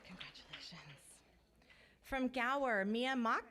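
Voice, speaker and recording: A woman reads out names one by one at a school board ceremony, her voice sitting a little high. She is friendly and careful with pronunciation, checking whether she got each name right. Faint noise lies behind her. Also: sing-song, a little slow. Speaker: announcer calling student award winners. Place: school board meeting room.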